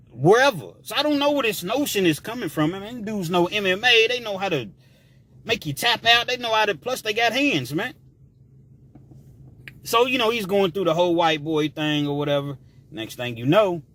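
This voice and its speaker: A man telling a story in a casual, slangy way, with animated delivery and shouted sound effects. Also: high voice.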